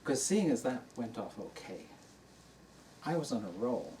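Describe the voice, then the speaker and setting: An older man gives a talk, telling a personal anecdote to a live audience. His voice sits at an ordinary pitch and is picked up from a distance. There is a faint hiss of room noise behind him, and he chuckles as he goes along. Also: big pitch swings, measured pace. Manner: warm anecdotal storytelling, laughing at his own story. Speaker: dharma teacher.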